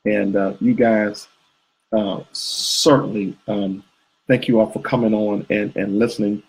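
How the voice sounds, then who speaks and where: A man's voice: fairly low pitch, flat delivery, unhurried, a little mellow, breathy edge, low-quality recording. A man co-hosting a live couples show, talking casually and rambling with fillers and restarts. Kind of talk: live video chat with viewers.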